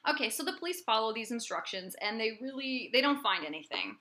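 A woman with a bright, clear voice tells a true-crime case to her co-host. Her delivery is chatty and loose, full of fillers and asides. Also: on the high side, a little fast. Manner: chatty and animated, with lots of fillers. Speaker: podcast co-host and storyteller. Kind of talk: casual true-crime storytelling.

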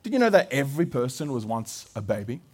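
An Australian man in his thirties, a pastor, preaching a sermon through a lively personal story full of restarts and laughter. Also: mid-range voice, quick pace.

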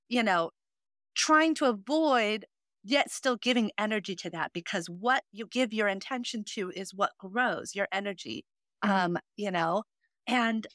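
A woman's voice: a little high, a bit bright, no echo, clean studio sound. A woman co-hosting a podcast, talking earnestly and openly in casual chat, with lots of "you know" and "um". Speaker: podcast co-host.

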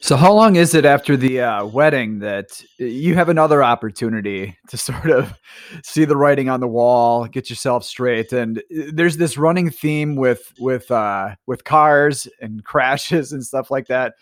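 A man's voice: medium pitch, unhurried, no room sound, clean studio sound. A man hosting an interview, asking reflective, probing questions with hesitant fillers. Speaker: podcast host.

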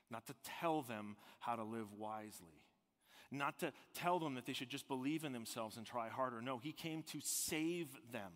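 A man preaching a sermon as pastor, swinging from loud emphatic peaks down to a hushed near-whisper. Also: mid-range voice, moderate pace, long reverb tail.

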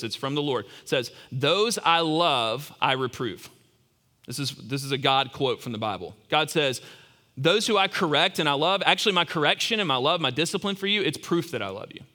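A man's voice: fairly high pitch, bright, forceful tone, big-room sound. A man in his thirties preaching a sermon in a conversational, emphatic way, often restarting words. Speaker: pastor.

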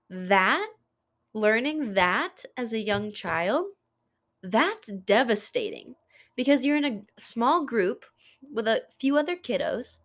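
A woman's voice: fairly high pitch, a bit bright. A woman hosting a self-help podcast, talking in an earnest, open-hearted way to her listeners. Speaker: podcast host.

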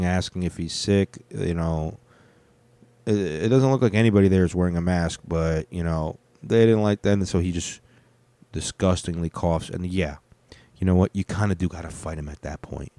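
A man's voice: low-pitched, mellow, no room sound. A man giving casual, profane commentary while reacting to online videos, blunt and swinging from somber to worked up.

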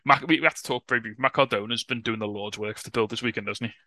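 Fast-talking bright man. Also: mid-range voice, dry recording. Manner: quick, excitable, swears and laughs often. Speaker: podcast co-host. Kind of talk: casual wrestling podcast chat.

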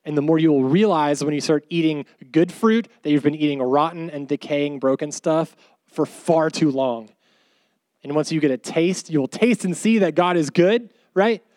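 A man's voice: fairly high pitch, normal speed, no room sound, studio quality. Upbeat jokey young male youth pastor. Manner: animated, jokey, casual slang. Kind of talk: youth sermon with personal stories.

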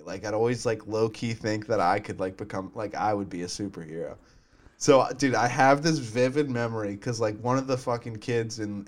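A man in his twenties chatting casually, meandering through a story and swearing, calling his friend "dude". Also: medium pitch. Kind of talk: casual chat.

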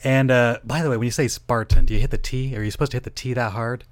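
A man's voice: mid-range voice, fairly even intonation, rapid-fire, no room sound. A middle-aged man hosting a solo podcast, rambling, interrupting himself and swearing casually. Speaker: podcast host.

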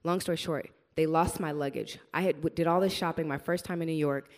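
A woman with a lowish voice tells a personal story in a casual faith conversation. She talks in an animated, breathless way and acts out other people's lines. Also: fairly quick. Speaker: guest sharing a testimony.

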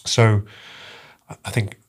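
A man telling a personal story as a podcast guest, halting and earnest, often repeating his words. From England.

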